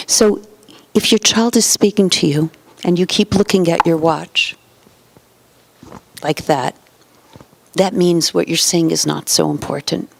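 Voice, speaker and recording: A woman giving a parenting lecture in numbered points, acting out quoted parents and children and often dropping to a soft whisper. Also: lowish voice, vocal fry, no room sound. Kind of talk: motivational lecture.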